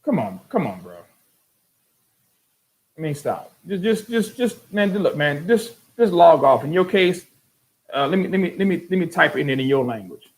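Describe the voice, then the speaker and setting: Sarcastic older man with a higher voice. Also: sing-song, low-quality recording. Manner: sarcastic, exasperated, mocking; repeats words in rapid restarts. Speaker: host. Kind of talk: casual commentary reading out online comments.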